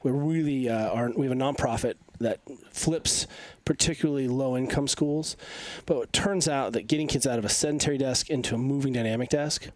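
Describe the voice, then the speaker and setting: A man in his forties, stuffy from allergies, talking in an energetic, emphatic and rambling way as a podcast guest. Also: mid-range voice, brisk, hardly any pauses, no room sound. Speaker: podcast guest, coach and physical therapist. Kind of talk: casual interview talk.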